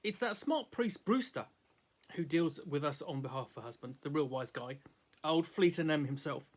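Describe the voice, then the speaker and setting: A man's voice: on the high side, animated, moderate pace. A man reading aloud voices a laconic, plain-spoken male adventurer telling his tale. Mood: matter-of-fact.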